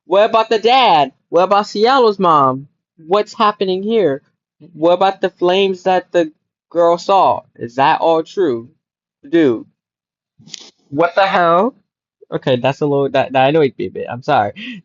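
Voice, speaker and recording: A young man casually reacting to an animated story, emotional and excitable, repeating himself when worked up. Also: sits high, a little slow, no room sound, muffled recording. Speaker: game and video reaction YouTuber.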